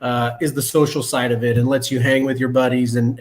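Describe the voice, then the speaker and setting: A man's voice: mid-range voice, fairly even intonation, fairly quick, few pauses, faint music behind. A man guesting on a podcast, talking in an easygoing, earnest casual way. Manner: easygoing, earnest, a few restarts. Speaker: guest, riding group co-founder. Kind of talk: casual chat.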